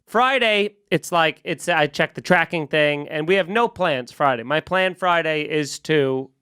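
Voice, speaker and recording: A young man hosting a podcast, telling a long story in casual chat, animated and profane, acting out the people in it. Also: a little high, unhurried, smooth, dry recording, studio quality. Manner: animated, profane, acts out quoted exchanges. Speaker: comedian podcast host.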